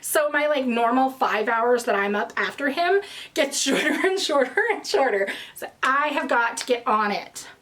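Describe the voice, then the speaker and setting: A young woman talks casually to her viewers in a bright, high voice. She rambles and wanders off on tangents, and she sounds a little out of breath. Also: expressive, normal speed. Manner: rambling, chatty, with tangents and restarts. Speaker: knitting podcast host. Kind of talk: casual chat to camera.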